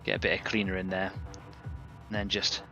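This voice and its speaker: A man's voice: sits low, monotone, brisk, sharp tone, highs cut off, faint music behind. A man hosting a live painting stream, talking casually and rambling as he works and greets viewers from the chat.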